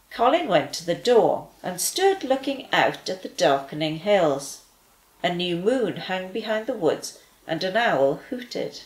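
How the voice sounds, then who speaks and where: A woman reading a children's story aloud with gentle, expressive delivery. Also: lowish voice, roomy sound, rough recording.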